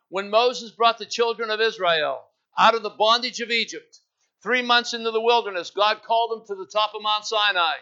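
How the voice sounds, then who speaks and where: A man preaching a sermon, building to loud fervent peaks and calling out to the congregation. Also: sits high, clear, resonant tone. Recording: dull lo-fi sound.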